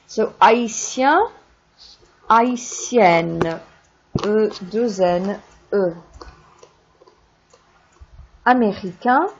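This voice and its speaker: A woman teaching a French class in a recorded lesson, drawing out words slowly for pronunciation drills and adding casual asides. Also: mid-range voice, gravelly, a little mellow, highs cut off, slight background noise.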